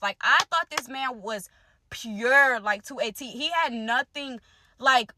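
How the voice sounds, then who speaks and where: A young woman telling a personal story to her viewers in casual, animated speech, repeating phrases for emphasis. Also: on the high side, slow, no echo. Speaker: storytime creator.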